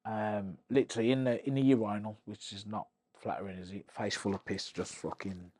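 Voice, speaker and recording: Profane ex-boxer telling stories. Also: male voice, lowish voice, fairly quick. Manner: animated, profane storytelling that acts out quoted voices. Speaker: podcast guest, former professional boxer. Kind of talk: casual podcast interview.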